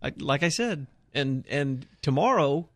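A man on a radio show giving quick joking advice to the hoarse host. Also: on the high side, animated, dry recording, clean studio sound. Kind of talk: radio banter.

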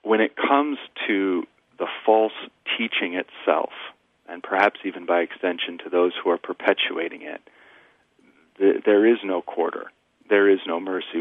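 A man with a fairly low voice talks like a pastor giving a sermon, driving points home with emphatic repetition. He comes through a thin, phone-like line that is dry, with no room around it. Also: fairly even intonation, moderate pace, no echo. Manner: emphatic, repeats phrases for rhetorical build-up. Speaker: Lutheran pastor, guest. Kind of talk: radio interview, preaching tone.

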